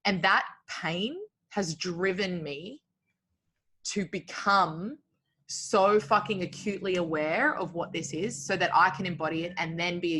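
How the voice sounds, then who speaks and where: A woman's voice: lowish voice, a bit bright, slightly rough. A woman talking openly as a guest in a casual conversation, reflective, with many filler words. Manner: open, reflective, heavy use of filler words.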